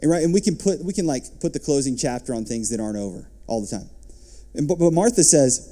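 A man as pastor, preaching a sermon and reading scripture, lifting his voice and dropping to soft asides. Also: a little high, lively intonation, fast talker.

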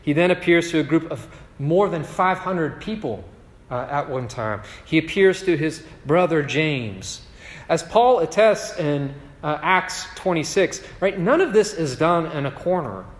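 A man's voice: fairly high pitch, expressive, a little slow. Casual preacher man in a reverberant hall. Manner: conversational, keeps asking "right?". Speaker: pastor. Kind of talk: sermon.

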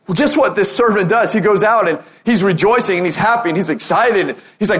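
A man preaching a sermon as pastor, telling a parable with lively acted-out quotes and rallying calls. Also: sits high, fairly quick, few pauses. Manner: animated storytelling, acting out quotes.

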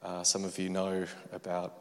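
A lower-pitched Australian man preaches a sermon, mixing quiet reflection with lively storytelling. His voice carries a long reverb, as if from a large hall. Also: moderate pace. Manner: quiet and reflective, growing loud and excited as the story builds. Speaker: pastor.

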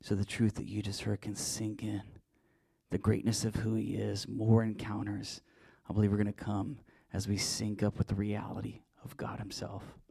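A man's voice: on the low side, completely flat delivery, moderate pace, creaky, warm tone, breathy edge. A man preaching as a pastor, leading the congregation in repeat-after-me prayers and declarations. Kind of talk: charismatic sermon and prayer ministry.

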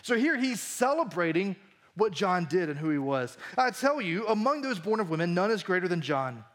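High-voiced man preaching a sermon. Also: sing-song, normal speed. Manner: conversational preaching, swings between emphatic and hushed. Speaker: pastor.

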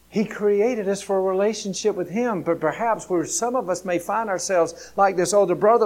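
Man preaching with dramatic loudness swings. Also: high voice, normal speed, few pauses. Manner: earnest and direct, addressing listeners. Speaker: pastor. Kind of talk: sermon.

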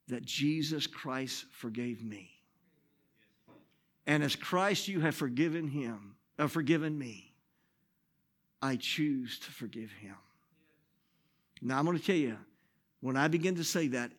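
A pastor telling a personal story in a sermon, swinging from loud outbursts to hushed, soft moments. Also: male voice, a little high. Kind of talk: sermon testimony.

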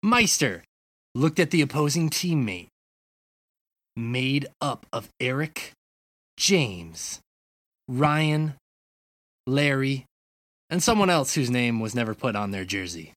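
Bright-edged and mid-range, this voice swings widely in pitch with no room sound around it. Its owner, a podcast co-host, slowly teases the others between casual chat and a read-through of a comedy sports skit.

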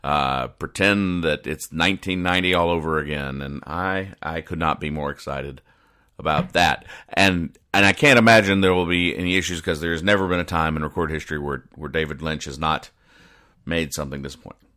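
A man's voice: low-pitched, normal speed, pushed and bright, clean tone. A man hosting a comedy show, reading out comic strips and rambling about them in a self-mocking way, with bursts of acted lines. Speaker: comic strip reader and host. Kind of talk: casual comedic commentary.

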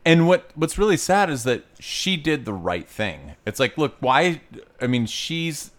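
A man's voice: on the high side, sing-song, a little slow. A man co-hosting a casual movie-review podcast, blunt and outspoken, cursing freely as he gives his opinions. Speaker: podcast co-host.

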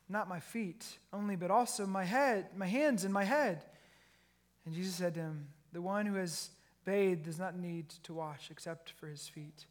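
A male pastor with a fairly high voice delivers a sermon. He reads a scripture passage and then explains it, his voice climbing when he acts out what the characters say. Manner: reads scripture then preaches, voice rises when acting out quotes.

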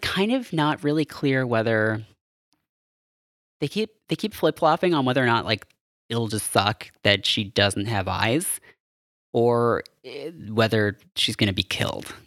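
A man's voice: fairly low pitch, pushed and bright, no echo, clean studio sound. A man casually recapping a film as a podcast host, rambling and amused with lots of fillers. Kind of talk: casual chat.

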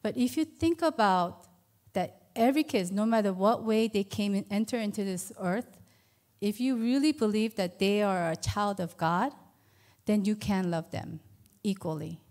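A woman's voice: mid-range voice, moderate pace, darkish tone. A woman in her fifties giving a personal church testimony as an adoptive mother, earnest and conversational with many fillers. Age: 50s.

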